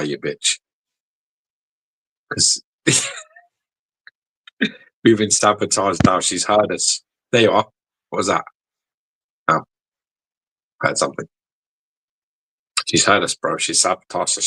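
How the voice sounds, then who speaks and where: A man's voice: sits low, a little slow, long pauses, bright, forceful tone, slightly rough, no room sound, low-quality recording. A man co-hosting a podcast in casual chat, swearing constantly and teasing his co-host.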